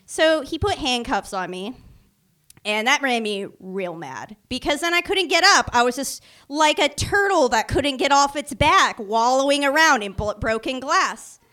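Lively high-voiced young woman telling a story. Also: a little slow. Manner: animated, self-mocking, acts out other people's voices. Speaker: vlogger. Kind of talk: storytime anecdote.

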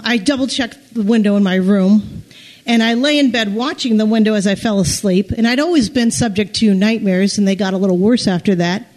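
A woman tells a personal story aloud in a fairly high voice. She speaks haltingly, starting sentences over and over and breaking into small nervous laughs. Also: a little mellow.

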